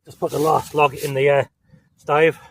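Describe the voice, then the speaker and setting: A man's voice: a little high, level tone, moderate pace, gravelly, no room sound. A man from southern England with a southern English accent, chatting casually to camera from inside a small hot tent in woodland, rambling and swearing mildly, then apologising for it. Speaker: camping vlogger.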